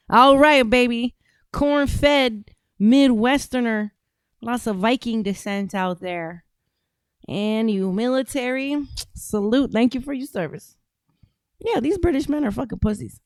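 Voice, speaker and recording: A woman's voice: a little high, a little slow, smooth, no room sound. A woman from the United States hosting a reaction stream and reading out chat, brash, combative and swearing constantly. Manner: brash, profane and combative, often laughing.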